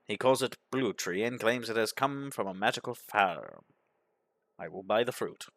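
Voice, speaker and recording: A man narrating a game playthrough, reading its events aloud in a deadpan manner. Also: on the low side, moderate pace, no room sound. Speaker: gaming commentator.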